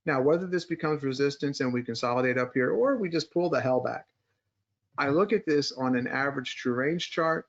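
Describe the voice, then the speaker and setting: In muffled lo-fi audio, a male podcast co-host who works as a market strategist chats and jokes, then goes through stock charts step by step, often restarting. His mid-range voice moves fairly quickly.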